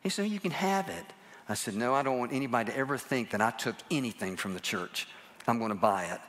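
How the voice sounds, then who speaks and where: Older guy preaching in church, chatty, pokes fun at himself, mid-pitched voice. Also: steady tone, fast talker, a bit bright. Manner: self-deprecating, chatty storyteller. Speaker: guest preacher. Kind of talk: humorous sermon storytelling. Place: church sanctuary, live service.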